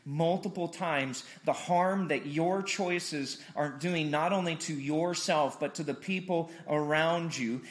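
A male preacher from Missouri delivers a sermon in a church in a chatty, storytelling way. He often repeats himself as he builds emphasis, and his voice sits slightly higher than most men's. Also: a little slow, few pauses. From Missouri, USA. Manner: conversational preaching with repeated words and rising emphasis. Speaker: pastor. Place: church hall, streamed online.

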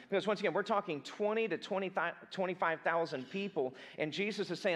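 A young adult man with a high voice preaches in a loose, conversational style. He retells a Bible story with animated energy, slipping into the characters' voices in casual modern speech. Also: fast talker, few pauses. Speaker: pastor.

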